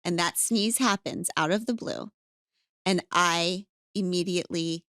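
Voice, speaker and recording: A woman hosting a podcast in casual chat, animated and playful, acting out her stories. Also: on the low side, a little slow, no room sound, clean studio sound. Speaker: podcast host.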